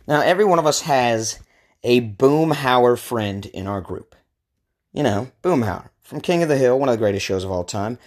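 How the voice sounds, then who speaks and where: A man in his thirties from the US West Coast hosts a podcast, delivering a comedic monologue that rants, rambles and leans on crude jokes. His medium-pitched voice is animated, at a moderate pace.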